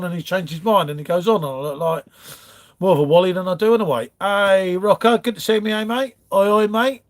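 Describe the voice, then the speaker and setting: Streaming live from his front room, a man chats loosely, greeting viewers and drifting from one topic to the next as he reads their comments. His voice is a touch high for a man, and he's chatty and rambling, using "mate" and "innit" throughout.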